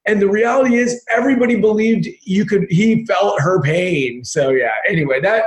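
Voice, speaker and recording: A man talking as an interview guest in casual chat, energetic and often repeating words as he thinks. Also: high voice, normal speed, roomy sound.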